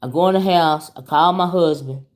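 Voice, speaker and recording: A woman's voice: low voice, normal speed. A woman, chatting animatedly to her viewers as she tells a story on her vlog. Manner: animated, chatty, calls audience "y'all" and "child". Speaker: YouTube commentary host. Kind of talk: casual storytelling chat.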